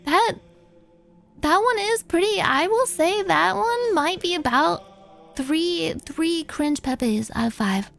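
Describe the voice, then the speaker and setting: Animated high-voiced woman streamer. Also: slow, gravelly, faint music behind. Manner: animated, playful, swears casually. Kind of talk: casual livestream chat, reading viewer submissions.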